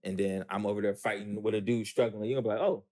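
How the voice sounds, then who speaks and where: A young man talks quickly in a low voice, loose and casual, full of slang and swearing. He rambles as he works toward a question. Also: fairly even intonation, darkish tone. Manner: slangy, profane, loose and conversational. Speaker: interview host. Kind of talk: casual interview conversation.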